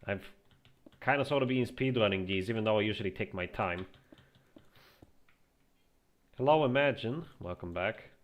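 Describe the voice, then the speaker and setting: Low-voiced man musing over his game. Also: normal speed, long pauses. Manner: relaxed, musing aloud with frequent restarts. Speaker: streamer. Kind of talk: casual gameplay commentary.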